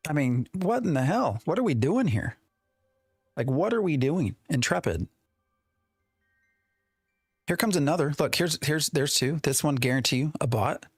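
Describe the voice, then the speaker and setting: A man's voice: on the high side, lively intonation, normal speed, pauses often, slightly rough, no room sound, studio quality, faint music behind. Exasperated male game streamer. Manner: exasperated, rambling, talks to chat. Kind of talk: live gameplay commentary.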